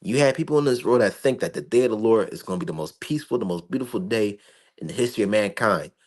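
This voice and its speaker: A man's voice: on the low side, expressive, quick pace. A man giving an informal Bible commentary, emphatic and swearing freely, stumbling through repeated restarts. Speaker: street preacher.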